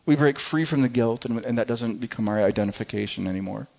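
A man's voice: medium pitch, fast, vocal fry, darkish tone. A man preaching a sermon with emphasis, often repeating words as he restarts. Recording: muffled lo-fi recording.

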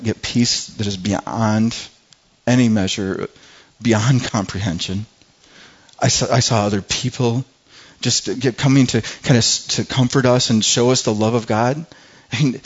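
A man's voice: medium pitch, slightly rough, muffled recording. A man preaching a sermon in an earnest, conversational way, often restarting his phrases. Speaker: pastor.

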